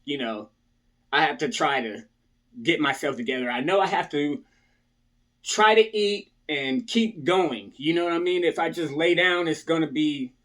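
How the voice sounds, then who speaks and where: Guy telling his viewers a story, kinda high voice, keeps going "right?" and doing everybody's lines. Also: moderate pace, fairly bright tone. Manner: talks to viewers, repeatedly tags lines with "right?"; acts out other people's lines in a raised voice. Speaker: storyteller recounting his past. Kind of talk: casual personal storytelling.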